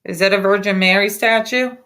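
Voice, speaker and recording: A woman's voice: mid-range voice, steady tone, fairly quick, pushed and bright. A woman hosting reaction commentary over a clip, mocking and combative in tone. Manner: mocking, sarcastic, combative ranting. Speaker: commentary host.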